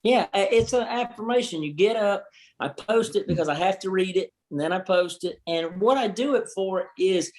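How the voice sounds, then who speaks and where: A man's voice: high voice, normal speed. A man from Georgia with a Southern accent, telling stories candidly as a guest in a casual podcast interview. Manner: candid, animated storyteller.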